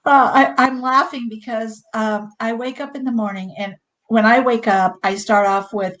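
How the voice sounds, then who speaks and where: A woman co-hosting a casual faith chat, conversational and quick to laugh. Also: on the high side, fairly even intonation, fairly bright tone, low-quality recording. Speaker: co-host.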